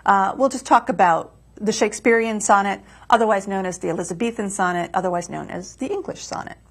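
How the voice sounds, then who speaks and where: A woman with a slightly husky voice at mid pitch, reading her own verse and then patiently walking through poetic meter. She talks in a studio setting, teaching step by step. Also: brisk. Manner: patient, explanatory, chants rhythms aloud. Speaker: poet and guest author. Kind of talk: reading a poem and explaining verse form. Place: community TV studio.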